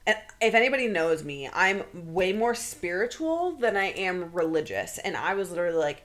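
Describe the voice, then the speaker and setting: A young adult woman co-hosting a podcast, telling an emotional story casually, swearing freely and quoting people in quick bursts. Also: lowish voice, very animated, a bit bright. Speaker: podcast co-host.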